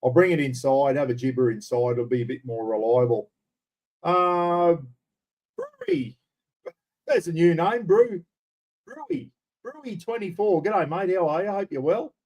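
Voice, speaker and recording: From a room in his home, an Australian livestream host chats comfortably and welcomes viewers by name. His voice sits a little high with a darkish tone, and he speaks at a normal speed.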